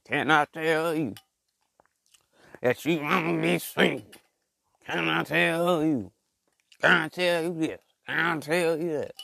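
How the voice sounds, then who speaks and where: A man's voice: fairly high pitch, slow pace, vocal fry, long pauses, bright, forceful tone, dry recording, clean studio sound, voice pushed up, full character voice. A man mimicking an over-the-top pious churchgoer in a sing-song, pleading, repetitive voice. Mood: mock pious.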